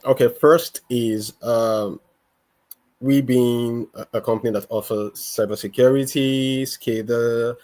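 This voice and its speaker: A man founder practicing his startup pitch, hesitant, with many fillers. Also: steady tone, takes it slowly, a little mellow.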